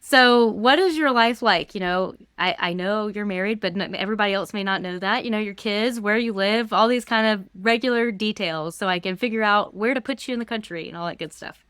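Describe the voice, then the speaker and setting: A woman hosting a casual interview, asking relaxed, friendly questions with some fillers. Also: medium pitch, brisk, few pauses, smooth, dry recording, clean studio sound. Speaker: interview host.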